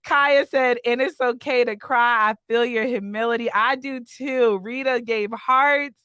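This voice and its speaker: An effusive woman hosting a casual live-stream interview, reading viewer comments aloud to her guest. Her voice sits a little high and bright, and she speaks slowly and unhurriedly. The sound is dry and close. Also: fairly even intonation, clean tone, no echo. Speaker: podcast host.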